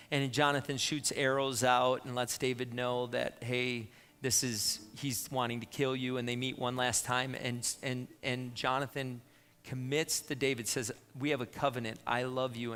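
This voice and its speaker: A man's voice: mid-range voice, a bit bright, clear, resonant tone, big-room sound. A man preaching a sermon as pastor, in an emphatic, conversational way with asides to the congregation. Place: church sanctuary.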